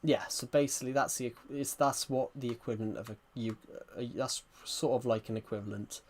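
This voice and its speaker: This rural Englishman's broad West Country voice sits mid-range, fairly even and a bit mellow, moving fairly quickly over slight background noise. He rambles to his stream viewers, repeating himself and addressing them as guys.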